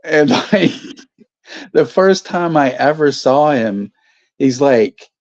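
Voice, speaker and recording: A man co-hosting a casual movie watch-along stream, telling stories in a halting, rambling way full of fillers. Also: a little high, expressive. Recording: dull lo-fi stream audio.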